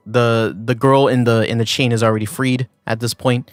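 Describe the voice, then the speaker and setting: Brief: casual male streamer, mid-pitched, dry recording, soft background music. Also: fairly even intonation, normal speed, dry recording. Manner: rambling storytelling with many fillers. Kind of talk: casual chat.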